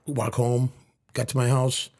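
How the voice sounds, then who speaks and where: Middle-aged guy, kinda husky, telling his story on a podcast, "i says, he says". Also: mid-range voice, flat delivery, darkish tone. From Lawrence, Massachusetts. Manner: tells stories in quick bits of quoted back-and-forth, "I says". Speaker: podcast guest. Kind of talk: storytelling in casual conversation.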